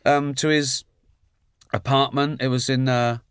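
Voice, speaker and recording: A man chatting as a guest, telling animated anecdotes and acting out the quoted lines. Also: mid-range voice, unhurried, smooth, dry recording, clean studio sound. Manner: animated storyteller, acts out quotes. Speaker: comedian and guest. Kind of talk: anecdotal chat.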